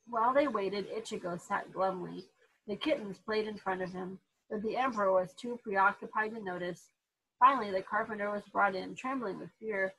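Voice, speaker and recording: A woman reading a children's book aloud in an expressive storytelling manner. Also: mid-range voice, slightly rough, low-quality recording. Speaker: reader to therapy dogs.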